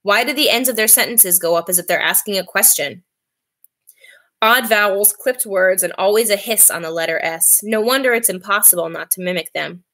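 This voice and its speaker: A woman reading a novel aloud in a steady, clear voice. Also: medium pitch, normal speed. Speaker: reader.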